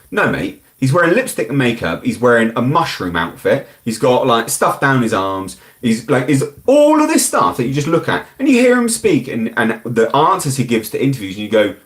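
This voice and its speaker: A British man chatting on a live stream. His pitch swings a lot, rising and falling freely as he rambles through viewer comments. He speaks bluntly and frankly in a medium-pitched voice. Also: huge pitch swings, fairly quick, few pauses. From United Kingdom.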